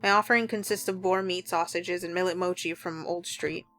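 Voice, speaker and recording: A woman's voice: fairly low pitch, steady tone, a little fast, fairly bright tone, soft background music. A woman playing through a visual novel, reading the first-person narration aloud in an earnest, heartfelt way. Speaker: let's play narrator.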